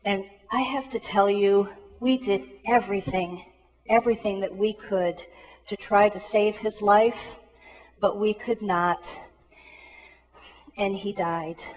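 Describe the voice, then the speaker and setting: A woman's voice: mid-range voice, steady tone, takes it slowly, darkish tone. A woman speaks from a stage in a large school auditorium, and her voice trails off in a long hall reverb. She tells the story earnestly and slips into the voices of its people. She sounds like an emergency room worker warning students. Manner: earnest storytelling with acted-out dialogue. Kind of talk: cautionary talk to students.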